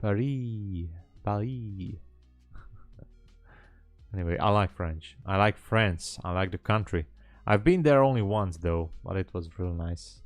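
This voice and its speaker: A livestream trading host with a deep voice speaks at a measured pace, pausing often, with faint music behind and no room sound. He chats casually and hesitantly with viewers, rambling as he goes.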